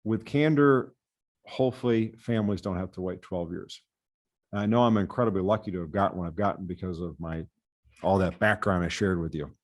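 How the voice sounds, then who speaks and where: Speaking fairly quickly in a notably low voice, a Midwestern American man presents prepared committee testimony as a patient safety advocate. He's earnest and frequently restarts on a repeated word.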